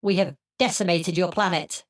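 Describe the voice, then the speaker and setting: A man's voice: high voice, normal speed, fairly bright tone, pitched above the performer's own voice. A man voicing a smug, gloating alien commander speaking over the radio. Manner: gloating, pompous.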